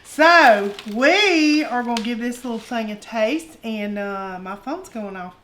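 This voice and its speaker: Woman cooking host, folksy and chatty, slightly high voice, roomy echoey kitchen sound. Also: lively intonation, slow, fairly bright tone, slight background noise. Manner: chatty, folksy, addresses viewers as y'all. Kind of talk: casual taste-test chat.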